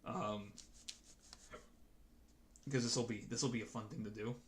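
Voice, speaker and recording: A man's voice: lowish voice, fairly even intonation, measured pace, a little hiss or hum. Rambling, hesitant man streamer. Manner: rambling, hesitant, full of restarts. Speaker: streamer and dungeon master. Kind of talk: casual stream chat.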